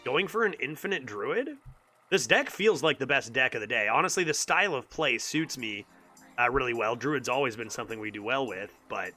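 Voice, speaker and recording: A young male game streamer with a lively, bouncing delivery and a bright, forceful tone. He rambles casually through his commentary and often repeats words mid-thought. Faint music plays behind him. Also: on the high side.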